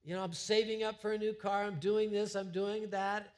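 Preaching in a church sanctuary, a middle-aged pastor speaks at a normal speed in a high-pitched voice. He keeps the sermon conversational and animated, often restarting his sentences.

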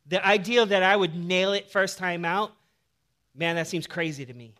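A male pastor preaching a sermon in a casual, animated way, mixing humor with scripture. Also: high voice, moderate pace.

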